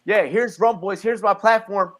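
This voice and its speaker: A man's voice: sits high, moderate pace, fairly bright tone. Fired-up profane man hosting a podcast. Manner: heated, emphatic, heavy swearing. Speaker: podcast host. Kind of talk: casual profane podcast chat.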